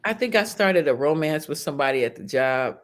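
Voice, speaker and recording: A deep-voiced schoolteacher moves briskly through stories in casual podcast conversation. She's animated and foul-mouthed, putting on the voices of the people she quotes.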